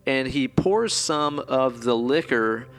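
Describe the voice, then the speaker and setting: A mid-pitched man recaps a movie in a loose, profane, rambling way. His casual podcast chat sits over a faint background hiss. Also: lively intonation, slow pace, fairly bright tone. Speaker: podcast co-host.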